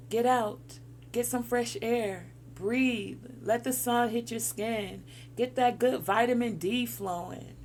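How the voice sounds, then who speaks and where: A woman's voice: medium pitch, a little hiss or hum. A woman giving a spiritual encouragement talk, coaching listeners through breathing exercises. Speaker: spiritual guide.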